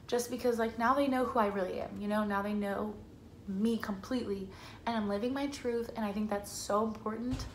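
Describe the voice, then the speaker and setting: A young woman vlogger telling a personal story to camera in a casual, chatty way, filling her talk with "like" and acting out quotes. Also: mid-range voice. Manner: chatty, says "like" a lot, quotes herself and family in lively voices. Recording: echoey room with faint ambient noise.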